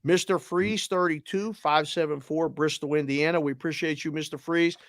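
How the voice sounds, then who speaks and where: A man with a Boston accent hosting a sports talk show, running through listener names and places with energetic, casual shout-outs. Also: on the high side, normal speed, no room sound, clean studio sound. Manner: energetic, shout-outs with area codes and towns. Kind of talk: roll call of listeners, casual.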